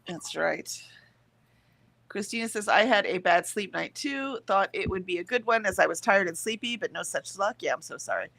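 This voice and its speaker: A sleepy woman chats casually on a livestream, reading viewers' comments aloud and answering them. She laughs easily and sounds worn out. Her voice sits at an ordinary middle pitch. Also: expressive, moderate pace, gravelly, a bit bright. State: very tired. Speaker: co-host of a writing sprint livestream.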